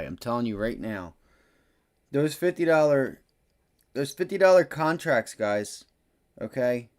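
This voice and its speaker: Brief: a man as a brash day-trading livestream host, foul-mouthed and blunt, mid-pitched, muttering then erupting. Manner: profane, blunt, excitable, swings from muttering low to loud bursts. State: frustrated. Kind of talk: live trading commentary.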